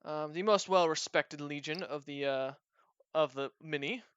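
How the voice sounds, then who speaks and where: A man's voice: on the high side, moderate pace, fairly bright tone, smooth, no room sound, dull audio, natural voice. A man voicing a young, earnest and dense dwarf knight who speaks politely and a little hesitantly.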